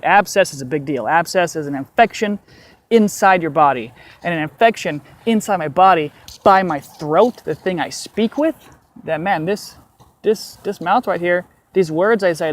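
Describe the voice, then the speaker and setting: Candid man telling a walk-and-talk story. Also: on the high side. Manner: candid, animated, swears casually. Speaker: vlogger.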